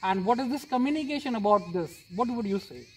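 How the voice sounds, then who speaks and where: An English teacher in an interview, speaking in a measured, explanatory way and addressing the guest respectfully as "sir". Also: medium pitch, lively intonation, a little mellow, breathy edge, far from the mic, low-quality recording. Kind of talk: reflective interview talk.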